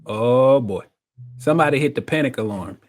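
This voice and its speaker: Animated man. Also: moderate pace. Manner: animated, laughs often, acts out quotes in a high voice. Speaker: guest telling his story. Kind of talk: casual storytelling chat.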